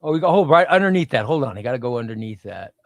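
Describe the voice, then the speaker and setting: A man's voice: medium pitch, very animated, rapid-fire, dry recording, clean studio sound. A middle-aged man hosting a casual comic book livestream, rambling and reading chat aloud.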